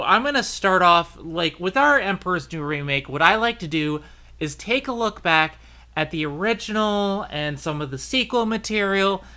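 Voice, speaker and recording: Male podcast host, high and bright, loose rambling delivery. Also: clear, resonant tone. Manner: chatty, rambling with fillers and restarts. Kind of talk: casual chat.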